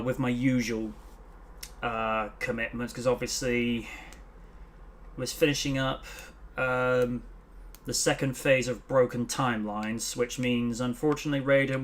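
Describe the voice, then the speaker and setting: A man hosting a casual live stream, rambling and laughing, often acting out movie lines in loud mock voices. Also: mid-range voice, flat delivery, unhurried, a little hiss or hum. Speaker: host.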